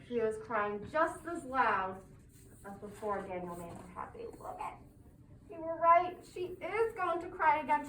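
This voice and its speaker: A preschool teacher, a woman, reading a picture book aloud to children in a classroom, animated and full of questions. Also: fairly high pitch, a little hiss or hum. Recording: echoey classroom from a distance.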